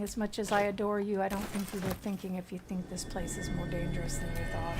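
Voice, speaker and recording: A woman's voice: medium pitch, monotone, fast, hardly any pauses, loud music behind the voice. An American woman streaming a video game, chatting casually and playfully, and laughing often. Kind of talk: casual gameplay commentary.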